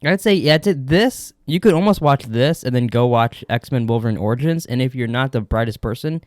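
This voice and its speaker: A man's voice: medium pitch, animated, fairly quick, a little mellow, dry recording, clean studio sound. Rambling casual podcast man. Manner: rambling, laughing, profane. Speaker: podcast co-host. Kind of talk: casual chat.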